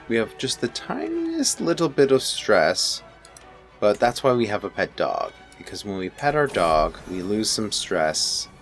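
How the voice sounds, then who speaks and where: Man, let's play commentary, deep voice, musing, faint music underneath. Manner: musing, playfully villainous. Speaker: gameplay commentator.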